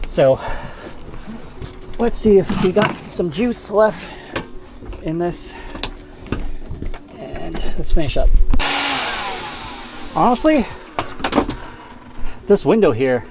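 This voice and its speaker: A man talks casually while he cleans a camper van, rambling and correcting himself as he goes. He sounds a little out of breath, and his voice sits at an ordinary middle pitch. Faint music plays underneath. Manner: chatty, rambling with fillers and self-corrections. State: slightly out of breath from working. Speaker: vlogger. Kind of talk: casual narration while working.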